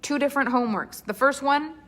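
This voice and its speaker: A woman's voice: high-pitched, fairly quick, a bit bright. A woman coaching voice acting in a live online class, talking in an enthusiastic, chatty, rambling way.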